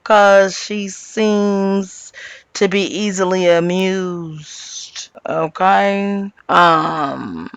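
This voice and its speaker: A woman's voice: medium pitch, very slow, vocal fry, smooth, no room sound. A woman casually recapping a reality show, with blunt, sassy and opinionated asides. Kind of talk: casual gossip recap commentary.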